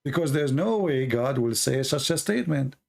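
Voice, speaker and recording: A man hosting a combative debate, pressing his caller with sarcastic, slowly repeated questions. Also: medium pitch, animated, vocal fry. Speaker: debate host. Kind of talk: combative live call-in debate.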